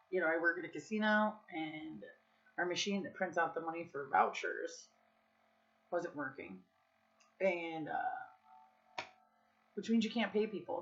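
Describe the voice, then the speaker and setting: A woman vlogger in her thirties telling a story to her viewers in a frank, chatty way, full of "dude" and "like". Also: on the low side. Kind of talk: casual storytelling vlog. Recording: slightly dull lo-fi sound.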